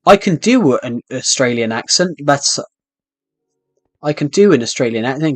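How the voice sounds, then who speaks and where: Rambling British streamer, dry close sound. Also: male voice, medium pitch, expressive, moderate pace, no room sound, faint music behind. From United Kingdom. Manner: rambling, with frequent restarts. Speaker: game streamer. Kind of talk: casual live-stream chat while playing.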